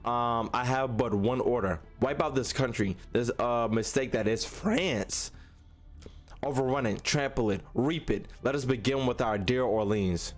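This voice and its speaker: A man gives voice to a vengeful young witch-saint who mocks and threatens in a slow, sneering tone. The delivery stays close to an everyday male voice with a middling pitch, read from game dialogue. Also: soft background music, lightly acted. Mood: cruel.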